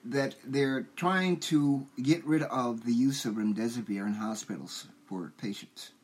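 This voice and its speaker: A man hosting a commentary show, talking slowly and preachily and asking his listeners rhetorical questions. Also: medium pitch, breathy edge. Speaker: show host. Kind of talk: commentary monologue.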